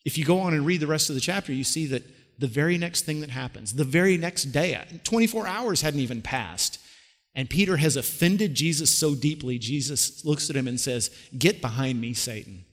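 A man's voice: a little high, expressive, a little fast. A man preaching a sermon as a pastor, telling the story in a conversational way and asking the listeners questions. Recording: long hall reverb.

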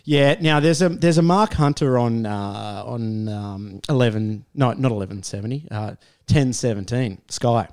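A man's voice: mid-range voice, a little slow, hardly any pauses, a little mellow. A man co-hosting a podcast, teasing his friends and laughing through casual chat. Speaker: podcast co-host.

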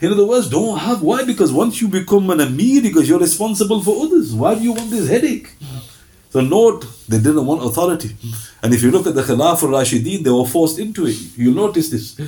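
A man teaching a religious lesson, telling stories in a lively way and citing sources by number. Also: high voice, fairly quick. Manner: lively storyteller, cites hadith sources by number. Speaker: Islamic teacher.

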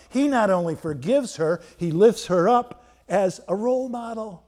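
A pastor preaching a storytelling sermon, swinging between loud emphasis and quiet, hushed moments. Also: male voice, high voice, lively intonation, measured pace, few pauses.

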